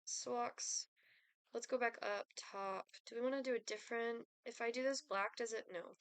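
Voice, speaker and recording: A woman's voice: fairly high pitch, fairly even intonation, normal speed, smooth, no echo. A young woman streaming a life-sim game, chatting casually with lots of fillers and giggles. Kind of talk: casual gameplay chat.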